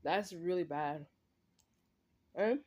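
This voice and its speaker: A woman's voice: lowish voice, slow pace, darkish tone. A woman delivering a direct-to-camera spiritual monologue, emphatic and repetitive, with many "like" and "right?" tags and short laughs. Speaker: vlogger.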